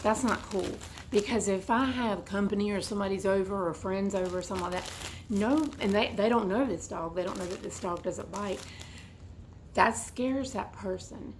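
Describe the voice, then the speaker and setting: A woman with a hoarse, froggy, congested voice, chatting and rambling while she unboxes a bag at home. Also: mid-range voice, moderate pace, background noise. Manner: rambling, chatty, goes off on tangents. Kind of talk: casual unboxing chat. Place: at home indoors.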